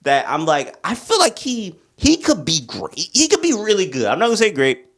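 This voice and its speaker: Excitable, slangy young-sounding man reviewing music. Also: high-pitched, normal speed. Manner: excitable, rambling, slangy, full of "bro" and "you feel me". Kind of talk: casual album ranking vlog.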